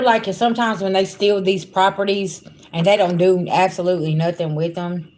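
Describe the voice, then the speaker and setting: A woman's voice: fairly low pitch, fairly even intonation, normal speed, darkish tone, slight background noise. A woman giving a casual livestream spiritual reading, talking bluntly and profanely straight to her viewers. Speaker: spiritual reader.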